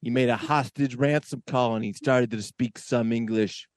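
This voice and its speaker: A man's voice: mid-range voice, fairly even intonation, moderate pace, dry recording, studio quality, natural voice. A man on a comedy podcast doing an impression of a boastful politician telling a rambling tall tale. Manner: rambling, boastful, self-correcting puns. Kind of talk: comedy impression narrating a story.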